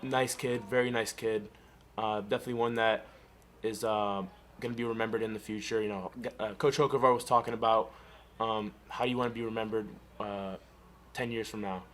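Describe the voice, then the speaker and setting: A man giving a short interview comment with halting speech and many fillers. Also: lowish voice, fairly even intonation, fairly bright tone.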